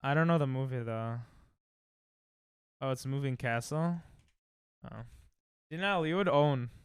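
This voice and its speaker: A young man streaming casually, reacting excitably and thinking aloud while he plays, sounding tired. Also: mid-range voice, a little slow, clean tone, no echo, studio quality. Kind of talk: casual live-stream chat while playing games.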